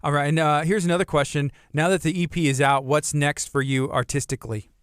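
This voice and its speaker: A man hosting a casual radio interview, relaxed and conversational, who reads out listener questions. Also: a little high, fairly quick, clean tone, no room sound, clean studio sound. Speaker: radio host. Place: radio studio.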